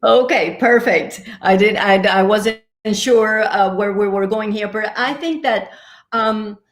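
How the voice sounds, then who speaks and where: A woman's voice: medium pitch, measured pace. A woman who is a business coach, speaking as an interview guest, earnest and encouraging, hesitating with frequent fillers. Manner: warm, earnest, hesitant with fillers, laughs often.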